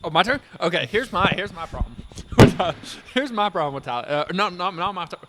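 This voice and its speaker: Fired-up high-voiced man ranting. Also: animated, a little fast, very noisy. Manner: fired-up, ranting, says bro a lot. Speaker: podcast co-host. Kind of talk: casual sports podcast chat.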